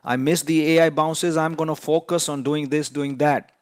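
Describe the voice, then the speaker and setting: A man's voice: a little high, fairly even intonation, moderate pace, dry recording, studio quality. A man giving a trading lesson in an emphatic, lecturing way, often repeating key points for stress. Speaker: trading educator.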